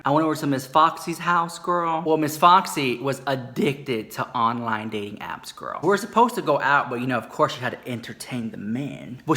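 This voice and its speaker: Sassy campy man gossiping. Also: sharp tone. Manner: sassy, calls listener "girl" constantly, swings into high squeals and whispers. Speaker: comedic storyteller.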